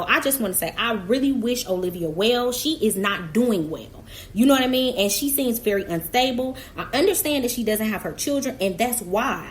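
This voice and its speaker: A woman's voice: on the high side, slight background noise. A young adult woman hosting a reaction channel, chatting casually and emphatically to her viewers and speaking straight to the person she reacts to. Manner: chatty, emphatic, talks directly to the absent subject.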